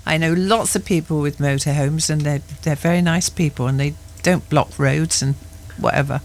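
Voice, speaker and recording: A woman's voice: low voice, normal speed. A middle-aged woman co-presenting a radio show, bantering in a giggly, mock-indignant way. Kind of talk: casual radio chat.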